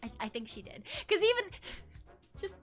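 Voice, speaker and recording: A woman's voice: extremely high pitch, big pitch swings, normal speed, a bit bright, faint music behind. A woman streamer telling stories in casual chat, rambling and often laughing.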